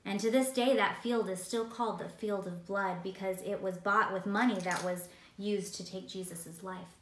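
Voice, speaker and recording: A woman teaching a Bible story lesson with animated, playful storytelling. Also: mid-range voice, moderate pace, roomy sound, recorded from a distance.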